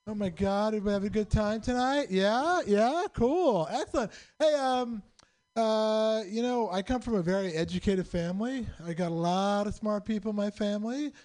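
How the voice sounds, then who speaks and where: A man with a very high-pitched voice telling a stand-up story on a comedy club stage. He is self-deprecating and quick, and he puts on voices for the people in his tales. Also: darkish tone. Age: middle-aged.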